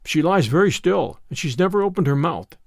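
A man's voice: a little high, expressive, fairly quick, vocal fry, darkish tone, no room sound, clean studio sound. A man voicing a subdued second valet.

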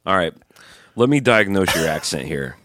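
A man's voice: deep voice, sing-song, normal speed, fairly bright tone, dry recording, studio quality. A man in his forties chatting casually on a podcast, joking loosely and swearing. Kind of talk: casual chat.

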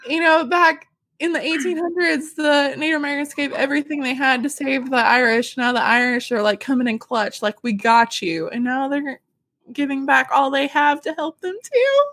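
A woman's voice: high voice, moderate pace, dry recording, clean studio sound. A woman co-hosting a podcast in casual chat, reading out a news story and getting emotional and giggly about it. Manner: warm, emotional and giggly, tears up easily. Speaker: podcast co-host.

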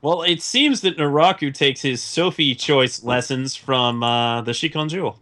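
A man's voice: mid-range voice, measured pace, sharp tone. A man co-hosting a casual podcast, joking around and reading out listener messages. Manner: jokey, puts on voices. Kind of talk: casual chat.

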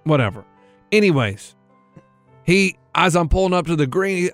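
High-voiced man telling a lively story. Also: moderate pace, no echo, soft background music. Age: middle-aged. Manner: animated storyteller acting out other people's lines. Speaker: radio show co-host. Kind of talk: casual storytelling chat.

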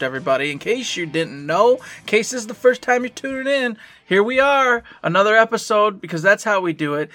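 A man's voice: sits high, fairly quick, hardly any pauses, faint music behind. A man hosting a podcast in casual, playful chat, introducing his co-host with jokes. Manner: animated, playful, jokey.

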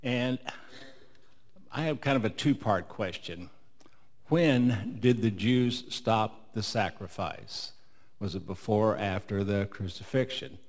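A man's voice: lowish voice, slow pace, big-room sound. Polite Indiana man at an audience mic. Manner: polite, plain questioning. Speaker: audience member asking a question. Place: large hall, audience mic.

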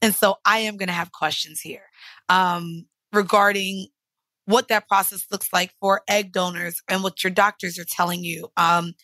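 A woman's voice: mid-range voice, fairly even intonation, normal speed, bright, forceful tone, no room sound. A woman hosting an interview, empathetic and moved as she responds and asks questions. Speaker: interview host. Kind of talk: conversational interview.

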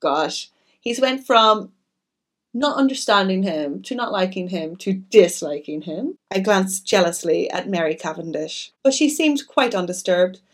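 A woman's voice: medium pitch, a little slow. A woman reading a classic novel aloud and adding chatty asides. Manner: expressive, chatty. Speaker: audiobook narrator.

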